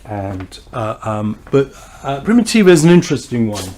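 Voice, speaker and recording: A man's voice: medium pitch, sing-song, moderate pace, dark tone. A man hosts a wine tasting, telling a story in a chatty, rambling way full of fillers and restarts. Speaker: wine society host. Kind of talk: casual anecdote and wine tasting talk.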